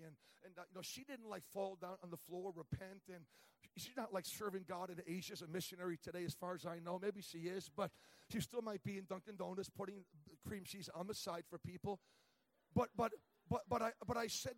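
Male preacher, high voice, dry close sound, animated storyteller who shouts and stammers. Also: fairly quick, no room sound, poor audio. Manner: animated, shouting in acted-out rants; stammering restarts. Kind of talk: sermon storytelling.

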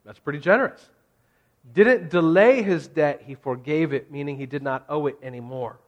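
Male pastor, casual and jokey sermon delivery, slightly high pitch. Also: moderate pace, muffled recording. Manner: conversational, jokey, rising to emphatic.

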